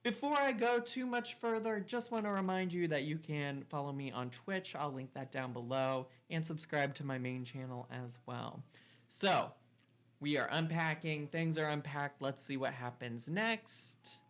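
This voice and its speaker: A man's voice: on the high side, measured pace, a bit bright. Sassy male gaming host. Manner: playful, sassy, exclamatory. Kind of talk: reading and reacting to a dating game.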